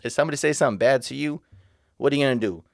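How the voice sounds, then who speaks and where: A man's voice: mid-range voice, racing, creaky, no room sound, clean studio sound. Rambling man with a slight slur. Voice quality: slightly slurred speech. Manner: rambling, repetitive, restarts often; earnest, motivational. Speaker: vlogger. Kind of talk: casual reaction vlog.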